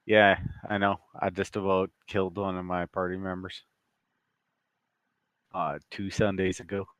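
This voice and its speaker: A man with a fairly low voice narrates a tabletop adventure as game master. His delivery is easygoing and conversational, swearing now and then. The sound is close and dry, with no room around it. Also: level tone, a little slow, fairly bright tone, clear, resonant tone, no echo. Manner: casual, loose, with mild swearing.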